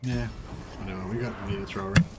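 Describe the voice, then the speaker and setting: A man's voice: on the low side, steady tone, quick pace, heavy background noise. A man streaming a strategy game, rambling casually, chatting with viewers and swearing now and then. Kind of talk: casual livestream commentary.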